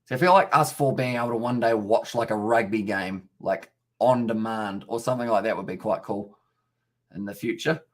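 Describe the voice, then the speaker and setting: A man's voice: lowish voice, normal speed. Chatty man commentating a live stream. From New Zealand. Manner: chatty, reads out viewer chat between plays.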